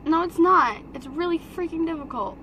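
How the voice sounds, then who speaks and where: A teenage girl doing her mother's makeup in a car, bossy and teasing, with sudden loud outbursts and giggles. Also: very high-pitched, normal speed, background noise. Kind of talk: casual playful banter.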